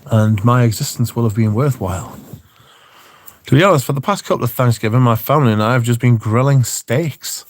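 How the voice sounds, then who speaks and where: Male streamer, rambling and sweary, dry close sound, mid-pitched voice. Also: moderate pace, darkish tone, dry recording. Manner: rambling, profane, wry. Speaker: livestream host. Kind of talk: casual chat, reading viewer comments.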